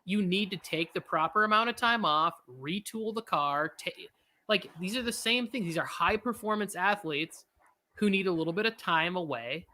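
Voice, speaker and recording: Man, watch-party co-host, casual rambling game talk, bright forward tone. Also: high voice. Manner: rambling, quick asides, self-mocking. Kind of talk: casual live game commentary.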